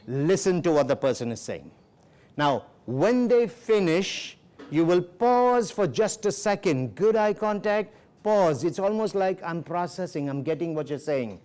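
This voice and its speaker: A man's voice: sits high, very animated, a little slow, a little mellow. A man leading a sales workshop as trainer, giving firm instructions, repeating key phrases and acting out sample dialogue with a client. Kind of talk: workshop lecture.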